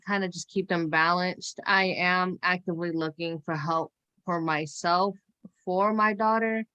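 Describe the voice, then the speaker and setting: A woman in her twenties, a guest in a casual podcast chat, with a low-set voice. Her tone is crisp and bright, and she speaks in a thoughtful, measured way with some fillers. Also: rough recording. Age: 20s.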